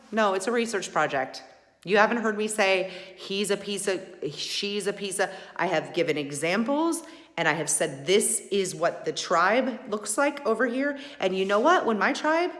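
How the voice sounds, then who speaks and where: A woman talking in an impassioned personal monologue, emphatic and folksy, often restarting and swinging between loud and soft. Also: on the low side. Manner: folksy mild swearing. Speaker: podcast host.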